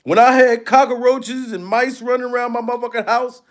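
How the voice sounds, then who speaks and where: Male livestream host with a high voice. Loose and profane, laughs a lot, thanks donors. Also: steady tone, moderate pace. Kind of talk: casual livestream chat.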